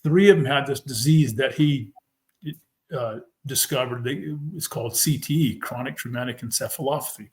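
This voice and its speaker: A man telling his own story as a podcast guest, emphatic and animated, acting out what others said. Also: mid-range voice, normal speed. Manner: animated, retells scenes by quoting people; emphatic, fervent. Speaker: podcast guest, former football player. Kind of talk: personal storytelling in a conversation.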